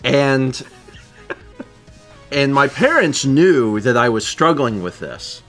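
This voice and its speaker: A man's voice: slow pace, faint music behind. A man in his thirties, co-host of a casual live show, telling a story with lots of laughter and restarts. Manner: animated, laughing, voice climbs high when quoting people.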